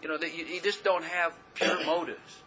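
A man's voice: a little high, steady tone, moderate pace, noisy background. A man preaching a casual, rambling sermon as pastor, often laughing at himself as he talks.

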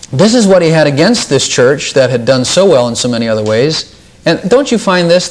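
Speaking at a fairly high pitch, a man runs a casual Bible study and works through ideas informally. He tends to repeat himself, and his voice lifts when he reads out scripture.

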